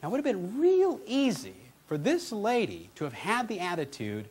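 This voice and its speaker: A middle-aged man giving a motivational keynote, telling a story in an animated, conversational way. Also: a little high, normal speed. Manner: animated, conversational, lots of restarts. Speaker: motivational speaker.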